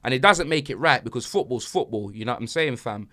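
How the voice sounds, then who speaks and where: A man hosting a football banter podcast, talking in slang with loud, laughing bursts. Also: medium pitch, lively intonation, quick pace.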